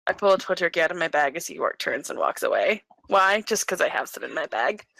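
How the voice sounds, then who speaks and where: Bright, playful player at a game table. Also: medium pitch, expressive, a little fast, creaky, rough recording. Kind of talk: casual chat around a game.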